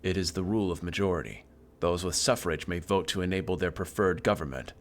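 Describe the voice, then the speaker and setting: Low-voiced man reading a game aloud. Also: fairly quick. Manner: reads narration evenly, with sudden loud outbursts. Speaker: streamer. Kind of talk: reading game text aloud while playing.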